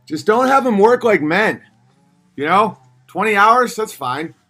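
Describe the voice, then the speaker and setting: A man in his thirties hosting a casual livestream, reading viewer messages aloud and answering them sardonically, switching between mocking voices and low mutters. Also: animated, unhurried, pushed and bright, faint music behind.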